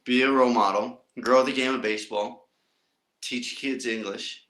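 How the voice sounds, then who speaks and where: A man's voice: mid-range voice, steady tone, moderate pace, fairly bright tone. A man hosting a podcast in casual interview chat, upbeat and playful with joking asides. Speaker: podcast host.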